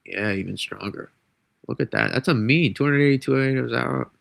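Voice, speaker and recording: A man's voice: mid-range voice, normal speed, gravelly, a bit bright, no room sound, studio quality. A man forecasting weather on a live stream, rambling and restarting his sentences, stuffy and under the weather with a cold. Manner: rambling, self-correcting, casual. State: congested from a cold.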